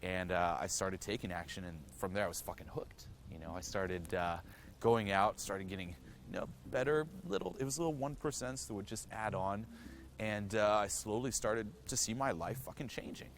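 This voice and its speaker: A man's voice: on the low side, normal speed, slight background noise. A man telling his own story straight to the viewer, frank and earnest, swearing freely and leaning on "you know" fillers. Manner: earnest, direct address to viewer. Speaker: self-improvement vlogger. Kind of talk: candid personal storytelling to camera.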